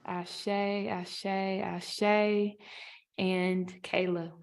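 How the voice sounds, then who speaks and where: A woman moderating a panel over a video call, affirming and unhurried, with frequent fillers. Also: mid-range voice, level tone, vocal fry.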